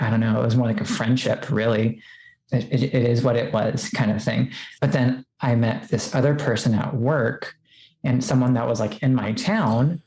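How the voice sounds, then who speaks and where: A woman's voice: rumbling low, darkish tone, reverberant, low-quality recording. A woman as a podcast guest, telling a personal story in casual chat, full of "like" fillers and quoting what she said. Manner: chatty, many "like" fillers, quotes herself.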